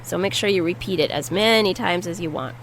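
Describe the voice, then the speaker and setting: A Spanish teacher leads a vocabulary lesson, patiently repeating each word in drills and explaining how to pronounce it. Her lowish voice moves fairly quickly, and the rough recording has slight background noise.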